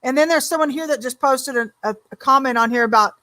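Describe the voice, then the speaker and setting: A woman hosting a talk show, chatty and animated, agreeing often and telling stories. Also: sits high, quick pace, no echo. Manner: chatty, animated storyteller, many yeahs. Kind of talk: casual interview talk.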